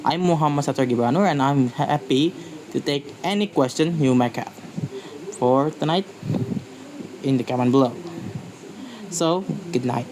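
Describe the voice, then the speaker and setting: A man's voice: medium pitch, normal speed, long pauses, noisy background. A man giving a slide-based pronunciation lecture, speaking carefully and repeating example words to model their stress.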